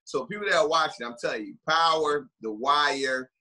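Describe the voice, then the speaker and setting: A man's voice: fairly high pitch, normal speed, bright, forceful tone, low-quality recording. A man hosting a podcast, casually steering the talk with playful, emphatic questions. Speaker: podcast host leading the talk. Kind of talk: casual chat.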